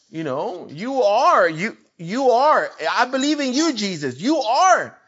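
A man gives a relaxed, informal sermon in an unhurried way, his voice rising and falling widely. His tone is bright and edged, and he leans on repeated phrases to drive each point home. The recording is muffled and lo-fi. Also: very high voice. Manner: animated, repeats phrases for emphasis. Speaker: preacher.

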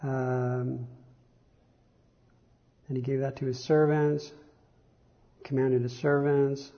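A man's voice: medium pitch, flat delivery, takes it slowly, lo-fi sound. A man preaching a sermon, reading Bible verses aloud with rising emphasis and frequent self-correcting repetitions.

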